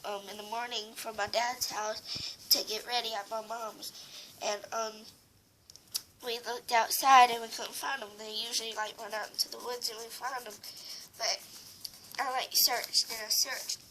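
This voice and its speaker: Teen girl, tearful, rambling, lots of fillers, higher pitch, slight background noise. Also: fairly even intonation, moderate pace. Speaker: vlogger. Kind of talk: casual storytelling to camera.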